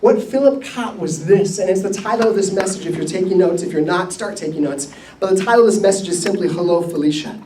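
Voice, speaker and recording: Pastor guy preaching, chatty and lively, mellow tone, sounds far off in a roomy church. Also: sits high, fast, slight background noise. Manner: conversational storytelling, animated with laughs. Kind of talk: sermon. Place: church hall. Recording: roomy echo, mic at a distance.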